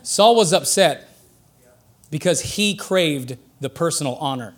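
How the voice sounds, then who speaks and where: A man preaching a sermon in a conversational, joking way, getting louder and quicker when he makes a point. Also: fairly high pitch. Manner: conversational and joking, rising excitedly for emphasis.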